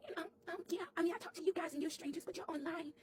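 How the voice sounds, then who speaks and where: A woman's voice: very high voice, steady tone, racing. A woman voicing a sweet, chatty little girl doll who stammers and repeats her words as she tells a comic story to camera. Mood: earnest.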